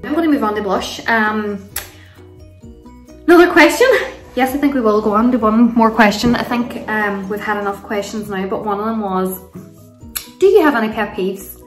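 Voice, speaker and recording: Here a young Irish woman, a beauty vlogger, walks through her makeup routine in a relaxed tutorial and Q&A, chatting, rambling, raving about products and laughing frequently. Her medium-pitched voice moves at a moderate pace. Recorded at home with kids around, from a little distance, it has a roomy echo with quiet music beneath.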